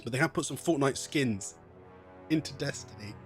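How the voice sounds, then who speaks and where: A man's voice: medium pitch, normal speed, faint music behind. A man streaming a game, chatting casually and reading in-game text aloud, joking at his own expense. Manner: chatty, self-mocking, tries silly pirate accents.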